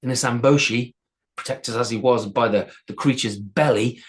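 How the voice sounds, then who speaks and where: A man's voice: mid-range voice, normal speed. A male storyteller telling a folktale aloud, unscripted, with restarts and repeated words.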